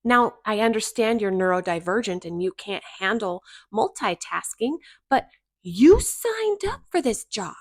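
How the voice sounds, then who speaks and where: A woman's voice: mid-range voice, sing-song, a little slow, no echo, studio quality. A middle-aged woman hosting a reaction video, giving blunt, sarcastic commentary.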